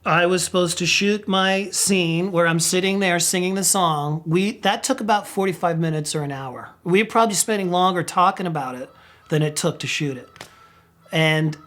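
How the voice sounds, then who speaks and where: A middle-aged male rock singer spinning anecdotes in a loose, casual interview. He laughs through his stories, swears without a second thought and jumps into loud bursts when he acts out what people said. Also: high voice, normal speed. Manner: animated storyteller who laughs often and swears casually; acts out quotes with sudden loud outbursts.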